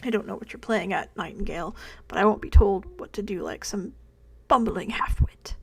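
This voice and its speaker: Woman playing a suspicious older man, haughty and curt, with a gravelly edge. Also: mid-range voice, moderate pace.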